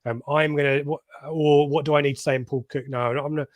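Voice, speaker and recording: A man's voice: a little high, steady tone, brisk, dry recording. A man from England hosting a live fan podcast, reading out viewer comments with jokey asides. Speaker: podcast host. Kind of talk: live reaction stream chat.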